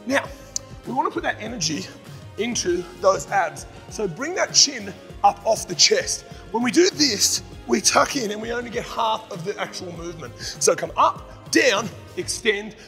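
A man's voice: high-pitched, animated, moderate pace, bright, forceful tone. A young Australian man who works as a fitness instructor, coaching a follow-along workout with upbeat, encouraging cues and countdowns. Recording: long reverb, music behind.

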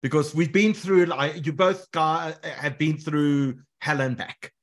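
A man's voice: fairly high pitch, steady tone, takes it slowly. A man hosting an online panel interview, steering the talk between guests in a conversational way over a video call.

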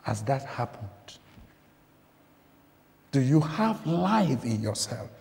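A man's voice: mid-range voice, big pitch swings, takes it slowly, vocal fry, darkish tone. A man preaching a sermon, emphatic and questioning his listeners, often repeating phrases for weight. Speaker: guest preacher. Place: church. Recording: church recording with long reverb.

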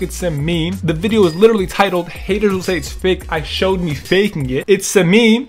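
A young man with a notably high voice talks straight to his viewers, playful and mock-offended as he reads out comments. He laughs often, and faint music plays under him. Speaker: gaming YouTuber. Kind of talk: reading comments to camera.

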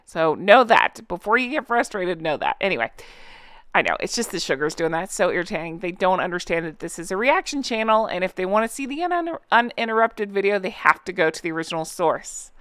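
A woman's voice: lowish voice, very animated, brisk, a bit bright, no room sound. A woman hosting a reaction channel, chatting to viewers with a giggly, casual manner and lots of fillers.

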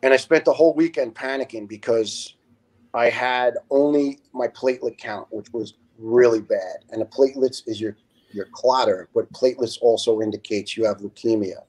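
A man in his fifties, a retired fire lieutenant, recounts his story as a podcast guest. He speaks bluntly and earnestly at an ordinary, middle pitch. He often breaks into animated impressions of the people he quotes. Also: moderate pace. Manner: animated, acts out quoted dialogue. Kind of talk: emotional first-person storytelling on a podcast.

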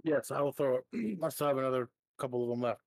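A playful, chatty man taking part in a tabletop game session, with a mid-range pitch. His voice sounds dry and close to the mic. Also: fast, a little mellow, dry recording. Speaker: player. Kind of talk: casual tabletop play.

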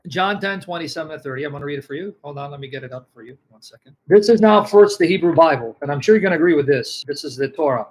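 A man's voice: fairly high pitch, lively intonation, quick pace, few pauses, low-quality recording. A man debating religion live, insistently reading scripture aloud with emphasis. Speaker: Christian debater.

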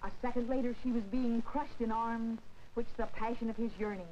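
A woman's voice: on the high side, steady tone, brisk, warm tone, a little hiss or hum, close to an everyday voice. An actress playing a young country woman reading a romance aloud with dramatic, breathless delivery. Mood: swooning. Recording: dull 1940s film soundtrack with music.

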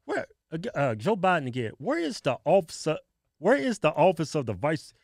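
Joking male co-host, middle-aged, fairly high voice, very wide pitch swings. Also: wildly swooping pitch, fairly quick, gravelly, no echo, studio quality. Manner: joking, laughs loudly at his own lines. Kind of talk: casual political commentary.

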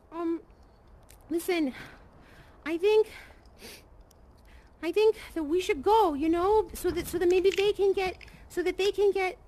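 A young woman streaming a VR game, talking softly and comfortingly to the players and creatures around her, hesitant, with many ums and sighs. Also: very high-pitched, a little hiss or hum. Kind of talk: casual in-game role-play chat.

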